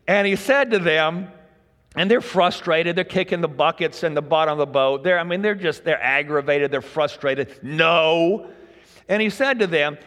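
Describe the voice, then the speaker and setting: A man delivering a casual, joking sermon to his congregation, his voice sitting a little high for a man. It rings with the long reverb of a church hall. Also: normal speed, fairly bright tone. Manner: folksy, conversational, jokes with the congregation. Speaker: pastor.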